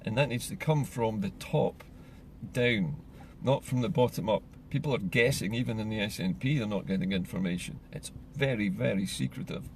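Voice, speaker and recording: A man from Scotland giving an earnest, measured solo monologue as a political commentator. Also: mid-range voice, creaky, darkish tone, a little hiss or hum.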